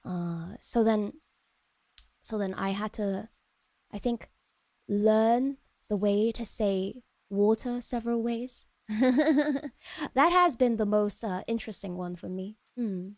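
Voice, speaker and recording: Chatting casually with viewers on a live stream, a woman wanders and hesitates, full of fillers and restarts, often trailing off into soft, low murmurs. She talks slowly, and the recording is dry.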